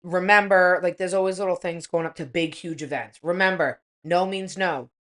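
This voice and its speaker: A woman's voice: lowish voice, fairly even intonation, normal speed, fairly bright tone. A middle-aged woman telling frank, profane stories on a podcast, blunt and often laughing as she talks. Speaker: podcast guest. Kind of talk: casual chat.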